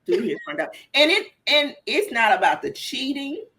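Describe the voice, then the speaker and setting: Blunt, lively-voiced woman comedian. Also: fairly high pitch, normal speed. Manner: blunt, profane, bursts into loud laughing exclamations. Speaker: comedian guest. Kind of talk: casual comedy podcast chat.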